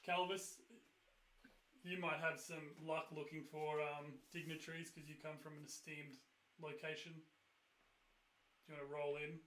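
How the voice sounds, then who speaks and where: A man's voice: a little high, level tone, a little slow, long pauses, a bit bright, roomy sound, slight background noise. A man running a tabletop game as game master, narrating with a rambling, laughing manner.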